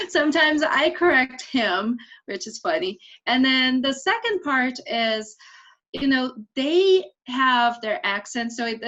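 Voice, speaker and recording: A woman from Brazil, Portuguese-speaking by birth, chatting casually in a class and telling lively stories. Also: a little high. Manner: lively storytelling, laughs at herself. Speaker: class participant. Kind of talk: casual chat. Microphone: video call. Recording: dull lo-fi video call audio.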